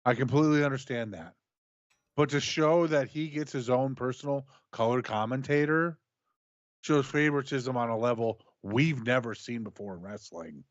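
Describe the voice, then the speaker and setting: A podcast co-host from New York talks bluntly, with an exasperated tone. His pitch is ordinary. The recording sounds dull and muffled, and dry. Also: normal speed, no echo. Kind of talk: casual chat.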